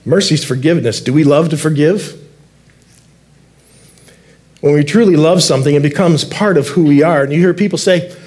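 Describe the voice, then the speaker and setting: A man preaching a sermon as lead elder in a church, earnest, repeating key words and slowing down to stress them. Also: on the high side, darkish tone. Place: church sanctuary.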